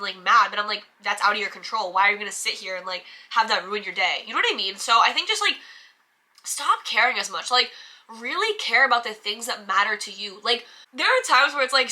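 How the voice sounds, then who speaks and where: A young woman vlogging casually to camera, chatty and animated, with lots of fillers and quick self-talk. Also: a little high. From United States.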